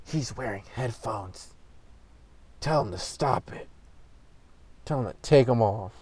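Nagging prim older woman shopper, insistent, slightly lower, as a young man mimics her. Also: moderate pace, close to an everyday voice.

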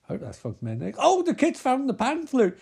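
A man giving excitable, sweary running commentary over a movie. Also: very high voice, a little fast, vocal fry, breathy edge. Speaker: movie riffer. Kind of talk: live profane movie riff commentary.

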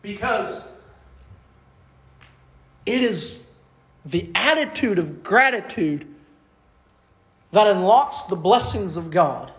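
High-voiced fervent male preacher. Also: lively intonation, slow, long pauses. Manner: fervent, rising to loud bursts then dropping soft. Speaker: evangelist preacher. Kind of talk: sermon. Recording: echoey room.

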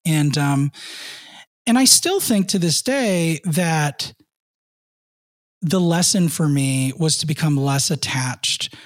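A man in his thirties, co-hosting a podcast, telling a personal work story in an earnest way, with many fillers and soft laughs. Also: a little high, animated, slow pace, pauses often, no room sound, clean studio sound. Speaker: podcast co-host.

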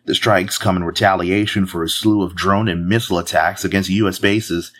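A man's voice: deep voice, fairly even intonation, fairly quick, a bit bright. A man hosting a news podcast, reading headlines with chatty joking asides. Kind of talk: casual news podcast delivery.

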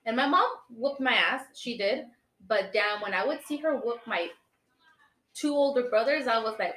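Blunt woman, slightly high voice, echoey. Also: animated, moderate pace, fairly bright tone. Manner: blunt, laughing, mixes in Spanish. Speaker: podcast co-host. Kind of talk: casual chat.

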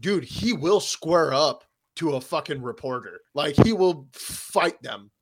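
A man's voice: fairly high pitch, expressive, measured pace. A man co-hosting a podcast in casual chat, rambling and profane, with many filler words. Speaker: podcast co-host.

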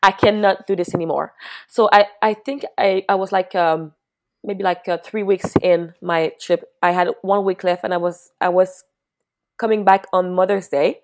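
A young woman telling a personal story in casual chat, loose and profane, with many restarts, swinging from hushed to laughing loudly. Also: fairly low pitch, fairly even intonation, moderate pace.

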